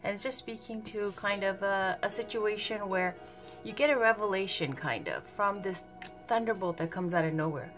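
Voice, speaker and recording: A woman speaks in an easygoing, conversational voice while she reads tarot cards. Her pace is relaxed, and she fills pauses as she thinks aloud. Music plays clearly underneath her voice. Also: fairly low pitch. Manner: chatty and unhurried, thinking aloud with fillers. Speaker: tarot reader. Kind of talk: casual spoken tarot reading.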